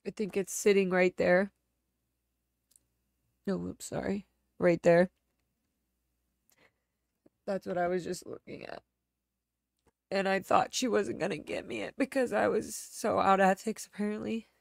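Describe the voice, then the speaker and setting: Telling a personal story on her livestream, this host is casual, candid, and rambling, often trailing off and starting again. Her medium-pitched voice is level and a little slow, with vocal fry and long pauses, captured in a dry, clean studio recording.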